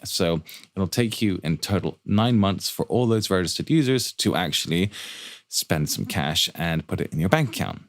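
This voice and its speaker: Deep-voiced man, fast casual tutor talking through a finance model, jokey asides, dry close mic. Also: expressive, dry recording. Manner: quick, joking asides and rhetorical questions. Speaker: startup finance instructor. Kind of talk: fast screen-share walkthrough of a spreadsheet.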